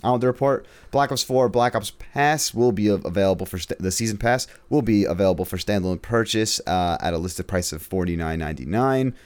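Man, lowish voice, casual podcast co-host reading game headlines. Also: brisk, few pauses, clean tone. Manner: reads headlines, loose and profane. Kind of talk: casual gaming news chat.

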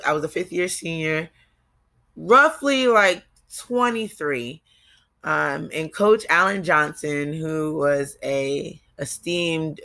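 A woman's voice: low-pitched, sharp tone. A young woman with a New Jersey accent hosting a solo podcast, talking candidly in a confessional way with frequent ums and restarts. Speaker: podcast host. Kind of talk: casual solo podcast monologue.

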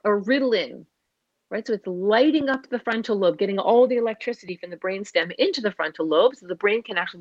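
A woman speaking about parenting in an earnest, animated, conversational way, sometimes acting out the voices of parents and children. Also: mid-range voice, breathy edge, no echo, highs cut off. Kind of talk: casual conversational explanation.

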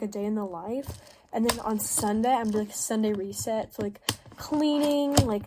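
A woman's voice: on the high side, background noise. A woman chatting casually to her viewers while making bracelets, rambling with lots of fillers and self-deprecating asides. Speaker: vlogger. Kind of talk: casual vlog chat while crafting.

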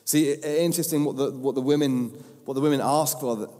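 A man's voice: medium pitch, fairly even intonation, fast talker, warm tone. A man preaching a sermon with impassioned, repeated emphatic phrases. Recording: long hall reverb.

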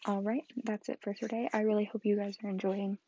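Soft-spoken woman reading a storybook aloud. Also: mid-range voice, flat delivery, fairly quick, muffled recording, a little hiss or hum. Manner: soft, often whispered reading. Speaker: book reader.

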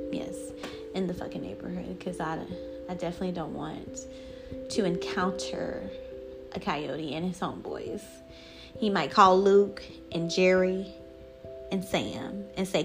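A young woman vlogger telling a rambling story in a casual, profane, animated way. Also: medium pitch.

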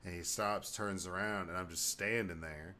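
A man co-hosting a podcast, telling a story in animated, profane casual chat. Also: low voice, moderate pace, slight background noise. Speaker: podcast co-host.

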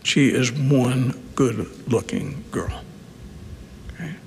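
A man preaching a sermon, talking conversationally, with dramatic swings from loud emphasis down to a hushed near-whisper. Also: medium pitch, slow pace, in a large hall, a little hiss or hum. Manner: conversational asides and repetition. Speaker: pastor.

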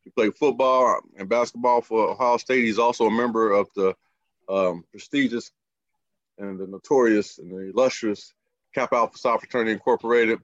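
A man's voice: fairly low pitch, normal speed, no echo, dull audio. A man hosting a casual beer podcast, talking in a laid-back, rambling way and often repeating words. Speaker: podcast host. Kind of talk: casual chat.

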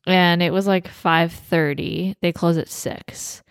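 A woman with a somewhat low voice tells a long story to her co-host and keeps circling back with fillers and restarts. She is recorded close and dry, with no room sound. It is casual podcast chat. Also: fairly even intonation, slow pace, gravelly, smooth, no room sound. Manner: rambling, many "like"s and restarts.

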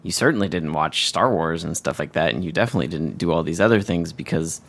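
Podcast host guy, kinda low voice, chill and curious. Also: fast. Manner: relaxed, curious questioner. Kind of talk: casual interview chat.

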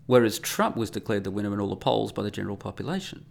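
A man with a low, gravelly voice rambles through a solo podcast monologue. He is sarcastic and mocking, and often drops into a muttering aside. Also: sing-song, quick pace. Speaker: podcast host.

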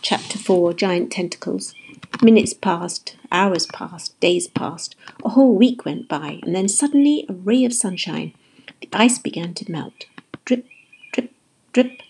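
A woman reading a children's storybook aloud as narrator, expressive, with occasional whispered asides. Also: lowish voice, unhurried, vocal fry, slightly rough.

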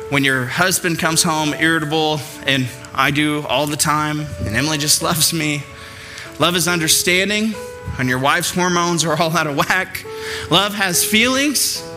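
A middle-aged man preaching a sermon in a lively, conversational way with playful asides. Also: on the high side. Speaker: pastor.

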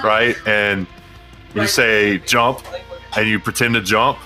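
A man's voice: fairly low pitch, steady tone, slow, music in the background. A man narrating a tabletop role-playing game as game master in a loose, profane style, often laughing.

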